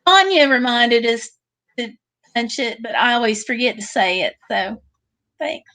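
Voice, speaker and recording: A woman with a slightly high voice hosts a relaxed livestream from home. She reads out viewer comments one after another and answers each in a friendly way. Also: a little slow. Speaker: livestream host. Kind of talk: casual livestream chat reading viewer comments.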